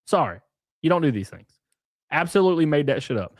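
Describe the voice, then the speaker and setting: Brief: male live-stream host, higher voice, very animated, sarcastic and profane, dry close mic. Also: moderate pace, dry recording. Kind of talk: casual live stream commentary.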